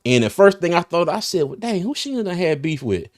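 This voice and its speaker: A man's voice: on the high side, big pitch swings, fairly quick. Laughing man hosting a livestream. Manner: loose, laughs often, restarts and trails off. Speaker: host of a live draft-night stream. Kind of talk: casual livestream chat.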